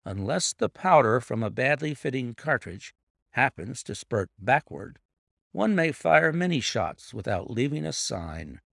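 A man's voice: mid-range voice, big pitch swings, creaky, a bit bright, no echo, studio quality, full character voice. A man reading a composed, authoritative detective. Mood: assured. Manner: measured, authoritative. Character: sharp, composed male detective, middle-aged.

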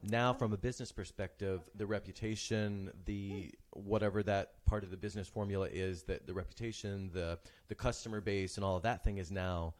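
A man's voice: deep voice, fairly even intonation, fairly quick, hardly any pauses. A man hosting a casual talk show, teasing his guests and laughing often. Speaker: host. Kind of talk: casual chat.

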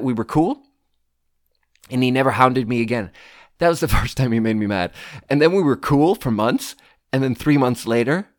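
A man hosting his own podcast, telling a story in a loose, animated way. He laughs often, acts out the people he quotes, and swears freely. His voice sits at a middle pitch and sounds dry and close to the mic. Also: no echo. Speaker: podcast host. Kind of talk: casual solo storytelling.

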